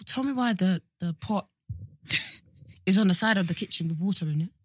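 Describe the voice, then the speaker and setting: A woman's voice: lowish voice, fairly quick, slightly rough, no room sound, studio quality. A young woman, co-hosting a casual chat podcast and telling stories animatedly, acting out the dialogue. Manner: animated storyteller who acts out quoted dialogue. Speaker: podcast co-host.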